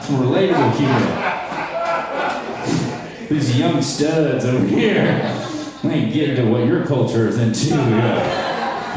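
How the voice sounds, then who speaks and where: Young man doing stand-up in an echoey room. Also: on the high side. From North Charleston, South Carolina, USA. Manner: self-deprecating, wry crowd work. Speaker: stand-up comedian. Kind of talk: stand-up comedy set. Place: small live comedy room. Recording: echoey room from a distant mic.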